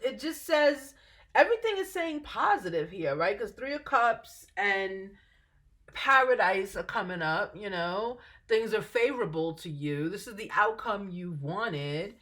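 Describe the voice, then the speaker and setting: A woman's voice: medium pitch, a bit bright. A woman giving a casual tarot reading to camera, chatty and reassuring, often laughing and trailing off with fillers. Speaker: tarot reader.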